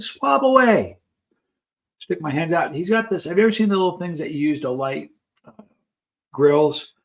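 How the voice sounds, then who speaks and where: A man's voice: medium pitch, a little mellow. A man vlogging, telling a long personal story in a chatty, anecdotal way while he tries snacks. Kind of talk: casual storytelling while taste-testing snacks.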